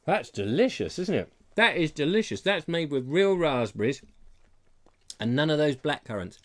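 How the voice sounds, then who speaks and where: Man hosting a comedy chat show at home, bouncy lively voice, a bit higher pitched, jokey asides to the viewers. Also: moderate pace. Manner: playful, theatrical asides to the audience. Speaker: comedy talk show host. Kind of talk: live-streamed comedy chat. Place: terraced house, indoors.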